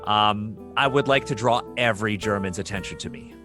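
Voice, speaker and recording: A man playing a tabletop role-playing game, describing his character's moves with excited, quick asides and laughter. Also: fairly low pitch, music in the background. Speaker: player. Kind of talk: narrating a tabletop game move.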